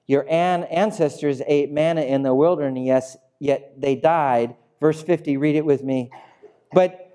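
A man preaching a sermon as pastor, animated and playful, acting out little scenes as he goes. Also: on the high side, unhurried.

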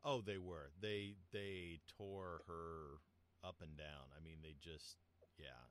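A low-voiced man chatting casually as a podcast co-host, with a faint hiss of noise behind him. He tells stories with animated energy. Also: takes it slowly. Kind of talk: casual chat.

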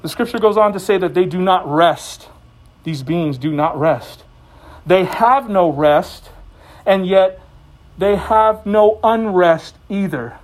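A man's voice: high voice, measured pace. A male preacher giving a sermon in a conversational way, with jokes between the teaching. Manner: conversational and joking.

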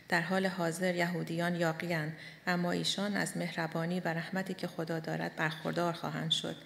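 A woman reading scripture aloud in church in a steady, unhurried recitation. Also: on the low side. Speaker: scripture reader. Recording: echoey hall with long reverb.

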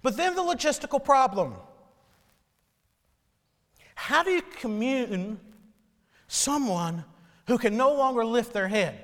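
A male pastor delivering a sermon, telling a story slowly and solemnly. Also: very high voice, animated, fairly bright tone, in a large hall.

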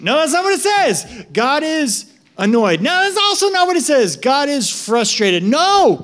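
High-voiced, conversational, emphatic male pastor. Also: measured pace. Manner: conversational, emphatic, rising to loud excitement. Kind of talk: sermon.

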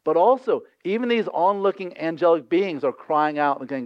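A male pastor preaching a sermon in a lively, conversational way, acting out voices from the scripture scenes. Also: on the high side, moderate pace, few pauses, no room sound, lo-fi sound.

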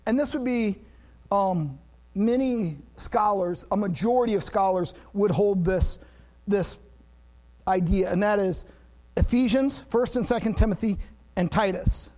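A man preaching a sermon, an animated storyteller who laughs at himself and then moves into plain teaching about scripture. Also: high-pitched, measured pace. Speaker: pastor.

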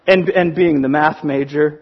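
A man preaching a sermon, telling stories in an animated way and acting out the quotes. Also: on the high side, unhurried, breathy edge, muffled recording. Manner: animated storytelling, acts out quotes. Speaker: pastor.

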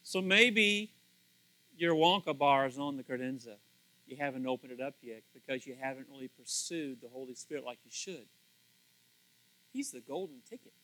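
A male pastor preaching a sermon in an animated, conversational way, often repeating words and acting out what others say. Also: mid-range voice, normal speed, poor audio.

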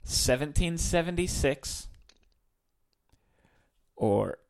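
A man's voice: fairly high pitch, lively intonation, very slow, vocal fry. A man co-hosting a podcast in casual chat, easygoing and thinking aloud as he talks. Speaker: podcast co-host.

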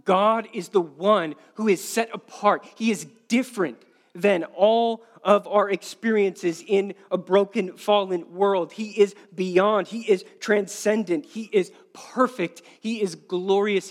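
A male pastor preaching a sermon, earnest and repeating key phrases for emphasis, often slowing to a quiet stress. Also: sits high.

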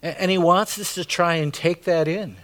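A man's voice: sits high, normal speed, a bit bright. A middle-aged man preaching a sermon as pastor, chatty and full of asides and "right?" tags.

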